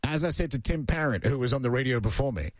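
A man's voice: mid-range voice, quick pace, no echo. A man with an Australian accent, hosting a casual radio chat in a joking, rambling way. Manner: joking, rambling, animated storytelling. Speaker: radio host.

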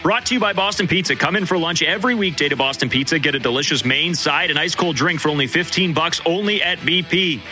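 A man in his twenties hosting a sports radio show, reading sponsor plugs and chatting in quick, upbeat banter. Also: fairly high pitch, bright, forceful tone, soft background music. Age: 20s. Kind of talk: casual sports radio chat.

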